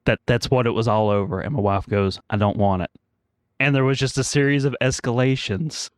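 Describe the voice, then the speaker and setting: A man's voice: mid-range voice, steady tone, brisk, smooth, no echo, studio quality. A man co-hosting a podcast, fighting a cold, telling rambling family stories and laughing at his own jokes. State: congested with a cold. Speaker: podcast co-host. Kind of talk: casual chat.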